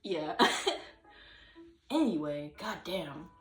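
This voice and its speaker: A woman's voice: sits low, animated, extremely slow, roomy sound, far from the mic. A woman chatting casually to camera, rambling with lots of fillers and hesitant restarts, now and then breaking into sung or acted snippets. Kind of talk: casual solo vlog chat.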